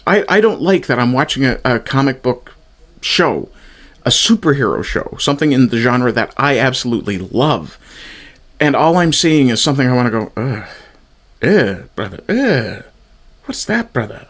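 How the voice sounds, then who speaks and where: A man's voice: mid-range voice, lively intonation, moderate pace, fairly bright tone. A man in his fifties giving a sarcastic, exasperated review, swearing often as he rants. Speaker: TV show reviewer. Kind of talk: ranting review commentary.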